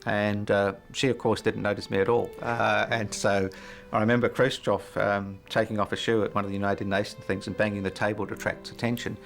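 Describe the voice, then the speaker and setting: A man's voice: lowish voice, little pitch movement, a little fast, gravelly, few pauses, soft background music. A middle-aged man telling his life story in an interview, reflective and hesitant, with many fillers and frequent chuckles. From New Zealand. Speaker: interview guest.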